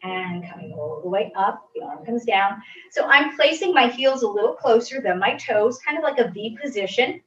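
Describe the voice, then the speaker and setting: A woman fitness instructor calmly guiding a stretching class with gentle, reassuring cues. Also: a little high, moderate pace. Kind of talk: guided exercise instruction. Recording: roomy, distant, dull audio.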